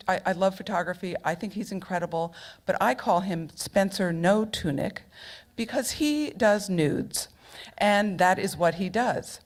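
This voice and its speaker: A middle-aged woman telling a personal story on stage at a local storytelling event, humorous and chatty, full of asides. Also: mid-range voice.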